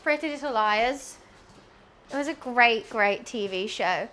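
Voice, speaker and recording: A woman's voice: fairly high pitch, sing-song, normal speed, very noisy. A young woman chatting casually while cleaning and cooking in her home kitchen, rambling and humming to herself. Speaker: streamer.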